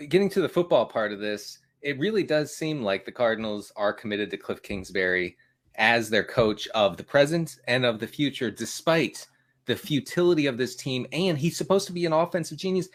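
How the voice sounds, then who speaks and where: A man's voice: medium pitch, expressive, moderate pace. A man co-hosting a casual football chat, delivering his lines with mock drama and laughing along. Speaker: fantasy football analyst co-host.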